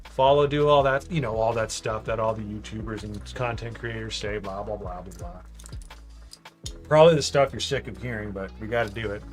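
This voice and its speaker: A man's voice: fairly low pitch, fairly quick, few pauses, faint music behind. Chatty man hosting a livestream. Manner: chatty, reads viewer comments aloud with light joking. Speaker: livestream host building Lego. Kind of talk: casual livestream chat.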